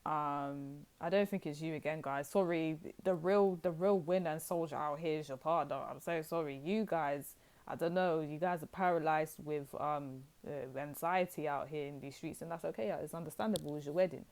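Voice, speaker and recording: A woman's voice: low-pitched, moderate pace, darkish tone. A young woman doing a casual tarot reading to camera, chatty and rambling, talking straight to her viewers. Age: young adult. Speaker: tarot reader.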